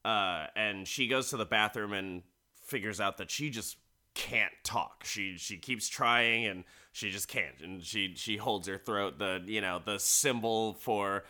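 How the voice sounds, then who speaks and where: Man, bright cutting voice, animated casual movie recap. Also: on the low side, takes it slowly. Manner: animated storytelling, frequent laughs and fillers.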